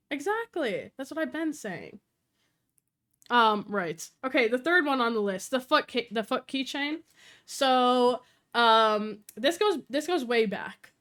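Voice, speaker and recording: A young woman streamer chatting casually on a live stream, telling stories quickly, swearing, and acting out quoted voices. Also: a little high, fairly bright tone.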